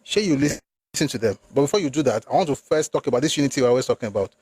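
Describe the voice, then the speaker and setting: A man's voice: medium pitch, animated, racing, a little mellow, breathy edge, dry recording. A man giving an opinionated political monologue, emphatic and rhetorical, slipping into phrases. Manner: emphatic, rhetorical, rising into indignant outbursts; switches between English and Yoruba. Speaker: political commentator.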